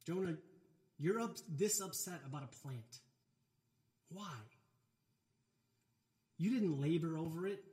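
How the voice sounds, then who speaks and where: A man voicing God as a patient teacher, speaking calmly and reasoning with questions to a sulking prophet. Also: fairly high pitch, slow pace, long pauses. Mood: patient, earnest. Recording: roomy, echoey hall.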